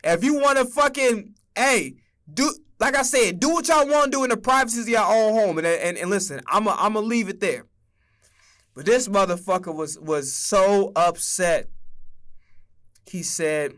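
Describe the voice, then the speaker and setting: A man's voice: high-pitched, expressive, normal speed, fairly bright tone. A young man streaming a casual sports rant, emphatic and profane as he argues his takes.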